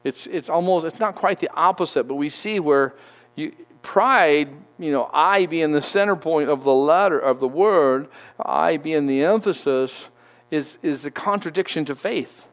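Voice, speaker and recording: A man giving a conversational sermon, reading verses aloud and explaining them with frequent restarts. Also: a little high. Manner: conversational, halting, with restarts while reading scripture. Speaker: Bible teacher.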